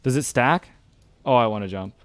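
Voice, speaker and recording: A young man streaming a game, talking through his play with excitable, ranting frustration. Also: mid-range voice, normal speed. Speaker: gaming streamer. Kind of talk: live gameplay commentary.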